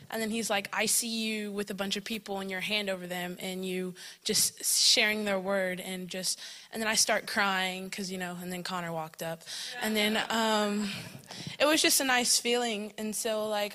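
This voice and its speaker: A woman's voice: mid-range voice, flat delivery, moderate pace, bright, forceful tone. A young woman casually sharing a testimony about camp, chatty and full of fillers like "like" and "um", often breaking into laughter. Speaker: camp attendee giving a testimony.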